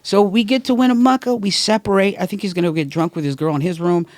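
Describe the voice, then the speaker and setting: A man who is a stand-up comedian and podcast host, telling an animated, profane story in casual chat. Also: sits high, fast talker, no room sound.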